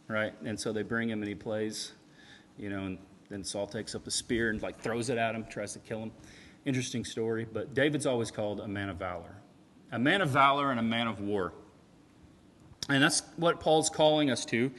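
A man preaching a sermon in a conversational, animated way, swinging from loud emphatic peaks to quiet asides. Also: medium pitch, a little fast. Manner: animated, conversational, with frequent "right?" and "like".

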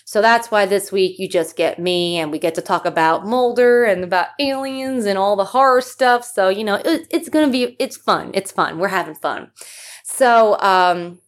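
A woman's voice: mid-range voice, normal speed. A young woman hosting a solo podcast, chatting casually and gushing, with lots of fillers and asides. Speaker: podcast host.

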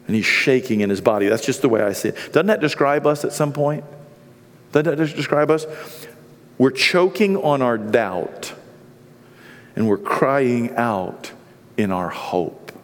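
A middle-aged man preaching a sermon as pastor, swinging from hushed, quiet stretches to loud, impassioned peaks. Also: mid-range voice. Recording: long reverb of a large hall.

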